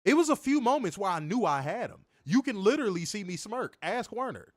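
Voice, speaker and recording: A young man co-hosting a wrestling review livestream, reading chat comments and trash-talking in a profane, animated way. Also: sits high, fairly quick, dry recording, clean studio sound. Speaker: wrestling podcast co-host.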